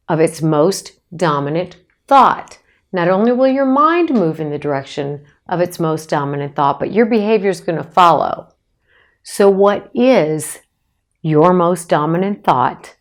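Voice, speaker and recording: A middle-aged woman psychologist giving a direct-to-camera advice talk, encouraging and emphatic, speaking straight to the listener. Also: fairly low pitch.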